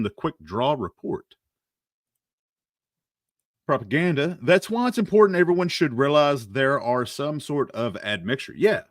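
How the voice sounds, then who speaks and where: A man's voice: mid-range voice, no echo, clean studio sound. A man hosting a livestream, reacting to clips and reading out chat comments in a rambling, casual way with frequent laughs. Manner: rambling, laughing, repeats words. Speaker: show host reacting to clips. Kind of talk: casual commentary live stream.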